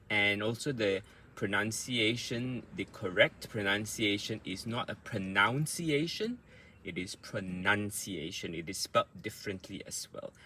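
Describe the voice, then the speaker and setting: Bright-voiced Australian English coach. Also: male voice, lowish voice, slight background noise. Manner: patient, repeats words slowly to model stress. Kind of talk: spoken pronunciation lesson.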